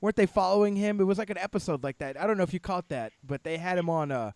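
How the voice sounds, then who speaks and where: A man hosting a podcast, talking in an excitable, enthusiastic way and casually tossing in "man" and "dude". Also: high-pitched, fast, no echo. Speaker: podcast host.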